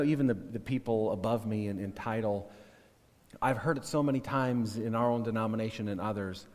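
A man preaching a sermon as pastor, earnest and halting, often repeating and restarting words. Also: mid-range voice, in a large hall.

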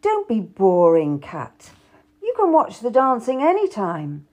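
A woman's voice: fairly high pitch, huge pitch swings, a little slow, a little mellow, heavily acted. A woman voicing an arrogant, charming young male nobleman who coaxes and gives orders. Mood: coaxing. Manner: coaxing, commanding.

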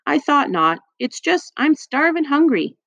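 A woman's voice: high voice, big pitch swings, unhurried, vocal fry, a bit bright, no room sound, dull audio, pitched above the performer's own voice, exaggerated voice. A woman voicing a grumpy, bossy young boy in an audiobook, speaking curtly. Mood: grumbling. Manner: curt and snappish.

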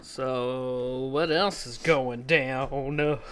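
A man's voice: mid-range voice, fairly even intonation, extremely slow, slight background noise. A young man co-hosting a podcast in casual chat, giggly and fond of crude jokes. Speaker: podcast co-host. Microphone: studio podcast mic.

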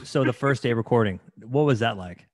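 A man's voice: mid-range voice, fairly quick. A man hosting an interview with a fellow voice actor, asking questions and affirming the guest with encouraging remarks. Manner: affirming, encouraging, many backchannels. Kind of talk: casual interview chat.

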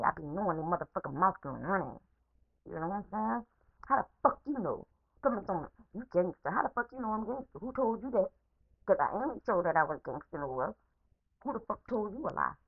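A woman with a somewhat low voice vents in a heated, unscripted rant, swearing freely and circling back over the same words. It is a phone voice message with a dull, lo-fi sound. The room is dry, with no echo. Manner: profane, repetitive, heated. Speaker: podcaster.

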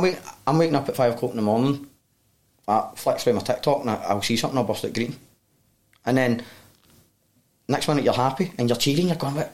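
A man's voice: mid-range voice, darkish tone. A man with a Glaswegian accent telling his own story as a guest, in a sweary, heartfelt, rambling way. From Glasgow, Scotland. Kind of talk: candid personal storytelling.

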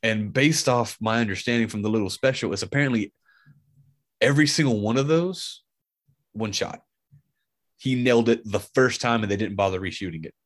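A man's voice: fairly low pitch, moderate pace, pauses often. Rambling man retelling a film scene. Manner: rambling retelling full of acted-out quotes. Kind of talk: casual chat.

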